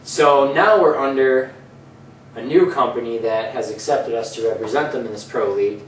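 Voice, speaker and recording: A male host chatting casually on a low-budget comedy show, rambling from one joke to the next. His voice sits back from the mic in a roomy, echoing space with a faint hum of ambience. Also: moderate pace. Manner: rambling, jokey, slips into put-on voices. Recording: echoey room, mic at a distance, faint ambience.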